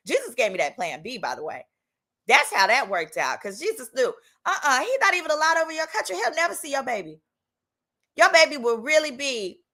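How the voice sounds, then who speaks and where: Sassy, bright-voiced woman telling a story. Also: on the high side. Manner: animated, sassy, jumps into voices for quoted people. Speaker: host, attorney. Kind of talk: casual storytelling.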